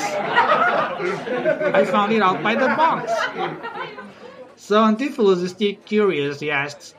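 A man's voice: high-pitched, wildly swooping pitch, slow, pauses often, a loud crowd. A man doing a stand-up comedy routine, chatty, teasing the audience and giggling at his own jokes.

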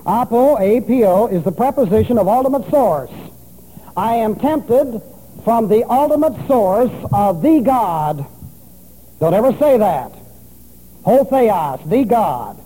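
A man delivers an expository sermon, stopping to spell Greek words letter by letter. His voice sits high yet sounds very dark and mellow. It rings with the long reverb of a large church hall. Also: expressive, slow pace, a little hiss or hum. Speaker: pastor.

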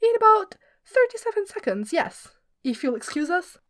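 A woman's voice: extremely high pitch, big pitch swings, moderate pace, a bit bright, pitched above the performer's own voice, exaggerated voice. A woman voicing a cheeky, cocky young male singer who talks sheepishly but boldly.

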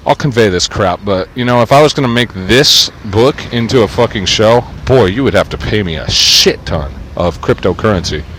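A man's voice: fairly low pitch, animated, moderate pace, few pauses, fairly bright tone, slight background noise, rough recording. A man talking casually outdoors in a rambling, sarcastic way, swearing often as he comments on a book he reads from. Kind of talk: casual profane rant while reading a book aloud.

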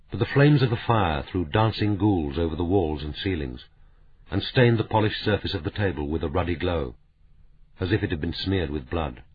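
A man reading a novel aloud in measured, somber scripted narration. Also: low-pitched, a little hiss or hum. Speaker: audiobook narrator. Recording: narrow, phone-like audiobook sound.

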